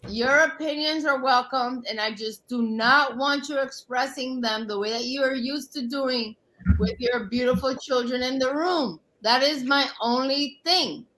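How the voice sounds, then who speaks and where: Hosting a heated live panel, this woman in her forties talks in a blunt, confrontational, boastfully confident way. Her voice sits high and is a bit bright at a measured pace, captured in poor audio.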